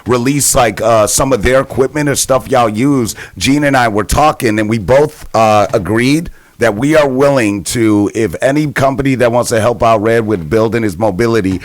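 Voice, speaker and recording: A man's voice: medium pitch, moderate pace, hardly any pauses, no echo. Laid-back man co-hosting, dry close sound. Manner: laid-back, slangy, keeps asking "you know what I mean". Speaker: podcast co-host. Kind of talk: casual interview chat.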